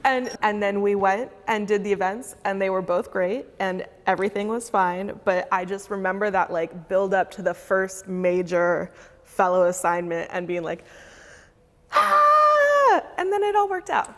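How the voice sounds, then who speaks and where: Animated woman telling fellowship stories. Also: medium pitch, moderate pace, big-room sound. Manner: animated storyteller, acts out her past self. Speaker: foundation fellow. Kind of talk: casual roundtable chat.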